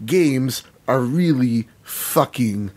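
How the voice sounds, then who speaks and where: A man's voice: mid-range voice, animated, very slow, a little mellow. A man co-hosting a casual gaming podcast, talking earnestly, swearing freely and saying "like" a lot. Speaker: podcast co-host.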